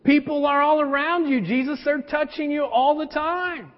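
Preacher playing exasperated, slangy companions, raised and high; dull hall sound. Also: male voice, fairly even intonation, normal speed. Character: exasperated casual male followers in a crowd.

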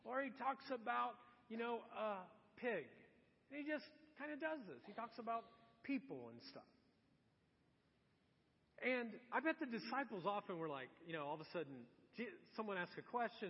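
A man with a high voice preaches a sermon in a relaxed, conversational way. He poses rhetorical questions and briefly acts out the voices of the people in his examples. The recording is dull and muffled, with a long hall reverb around him. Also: moderate pace, breathy edge. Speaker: pastor. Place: church.

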